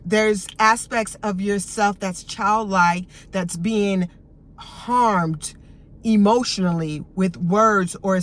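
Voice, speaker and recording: A middle-aged woman talking as a behavioral health coach in a self-help vlog, guiding listeners gently and soothingly. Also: medium pitch. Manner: gentle, soothing, unhurried guidance.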